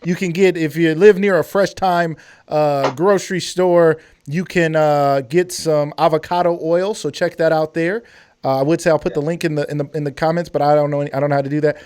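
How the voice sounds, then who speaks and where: A man's voice: on the high side, brisk, clear, resonant tone. A man hosting a live cooking stream, joking, teasing and quizzing his chef guest. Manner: playful, joking, excitable. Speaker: host.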